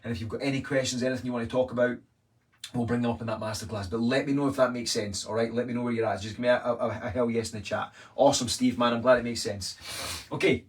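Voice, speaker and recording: A Scottish man coaching live, talking in a blunt, energetic way and swearing freely. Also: medium pitch, fast, recorded from a distance. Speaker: weight-loss coach. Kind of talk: live-streamed coaching talk.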